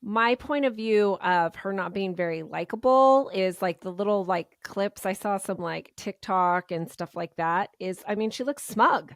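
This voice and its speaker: A woman's voice: medium pitch, unhurried, hardly any pauses, dry recording. Podcast co-host: woman, mid-range voice, hedging and searching for words, dry close recording. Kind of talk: casual true-crime chat.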